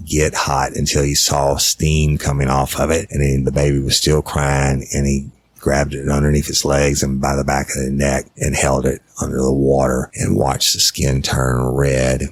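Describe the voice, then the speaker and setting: A middle-aged man tells a true crime story from his years as a detective. His voice is extremely deep and he keeps a flat, level delivery. He talks bluntly and swears freely. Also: no room sound. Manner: blunt and profane. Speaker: podcast host, former detective.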